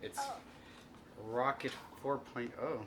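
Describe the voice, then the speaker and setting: A man's voice: mid-range voice, steady tone, slow pace. A man in his thirties, a father patiently explaining and encouraging a small child step by step in a casual home video. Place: home, indoors. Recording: loud background noise.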